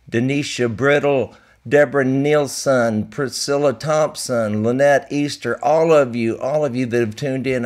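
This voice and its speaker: A man's voice: medium pitch, darkish tone. Folksy guy hosting a chat show, teasing guests, ordinary middle voice. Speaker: talk show host. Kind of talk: casual chat and sign-off on a web show.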